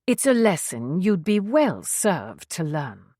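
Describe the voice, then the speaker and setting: A woman's voice: on the low side, sing-song, slow, mellow, no echo, clean studio sound, heavily acted. A woman voicing an officious older secretary from London, prim and lecturing, with a London accent.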